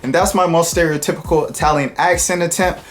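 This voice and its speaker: A man talking casually to camera about sports, chatty and joking with quick asides. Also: on the high side, steady tone, faint music behind. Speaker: sports vlogger.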